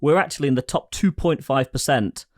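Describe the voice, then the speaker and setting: A man co-hosting a podcast, measured and matter-of-fact with figures. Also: medium pitch, dry recording, studio quality. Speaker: podcast co-host, stats man. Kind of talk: casual podcast banter.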